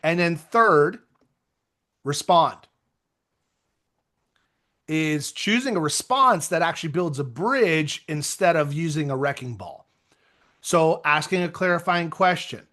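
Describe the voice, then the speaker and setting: A man coaching real estate agents in an energetic, conversational motivational talk with self-deprecating asides. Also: on the high side, slow, long pauses.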